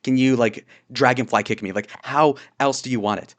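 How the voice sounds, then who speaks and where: A man's voice: mid-range voice, moderate pace, close to an everyday voice. A man putting on a mocking, whiny voice as a woman who begs to be mocked in a different way.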